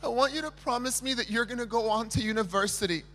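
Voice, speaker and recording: A man quoting a calm, firm mother. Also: very high-pitched, fast talker, big-room sound, full character voice. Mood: earnest. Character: mother, middle-aged woman, calm and firm.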